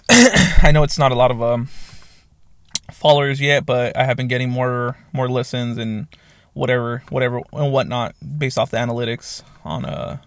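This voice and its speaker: A man in his thirties talks through a casual solo podcast episode in a gravelly voice, close and dry on his new mic. He rambles, swears freely and corrects himself mid-sentence. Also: mid-range voice, moderate pace, no room sound. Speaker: podcast host. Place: small soundproofed home office.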